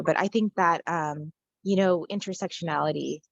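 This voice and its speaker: A woman guest author answers casually and hesitantly, full of ums and likes, in a lower-pitched voice. She keeps a steady tone at a moderate pace. The recording is slightly dull and dry, with no echo.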